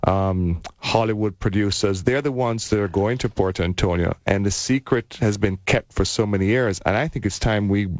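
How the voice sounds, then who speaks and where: A man's voice: on the low side, normal speed, hardly any pauses, darkish tone, no room sound. Guy rambling on a travel radio show, lots of ums, dry dull sound. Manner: rambling, many restarts and ums. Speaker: travel guest. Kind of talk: casual radio chat.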